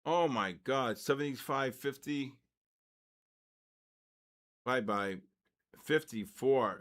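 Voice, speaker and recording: An older man hosting a live trading session, telling personal stories and calling market moves with loud excitement. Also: lowish voice, normal speed. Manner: storytelling, then loud excited market calls. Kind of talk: live trading stream chat and storytelling.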